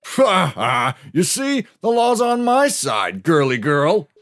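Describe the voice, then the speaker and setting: Man playing a gloating Southern villain, shrill, cackling, shouted, swooping delivery. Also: big pitch swings, slow, heavily acted. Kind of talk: voicing game dialogue in a let's play.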